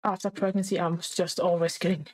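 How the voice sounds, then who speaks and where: A woman talking casually over life-sim gameplay, halting and chatty with many fillers and restarts, often out of breath. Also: on the low side, flat delivery, a little mellow, low-quality recording. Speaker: gameplay narrator.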